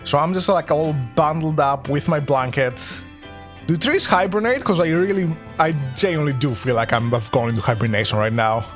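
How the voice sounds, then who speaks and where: A woman's voice: low voice, expressive, a little fast, faint music behind. A young woman from Greece, streaming a video game in a casual, playful and giggly way. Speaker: VTuber streamer. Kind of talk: casual gaming livestream chat.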